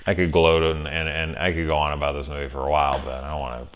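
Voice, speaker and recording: A man's voice: very deep voice, level tone, quick pace, a little hiss or hum. A man casually reviewing a horror film on camera, rambling, swearing freely and gushing with enthusiasm. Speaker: movie reviewer. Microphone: camera setup at home.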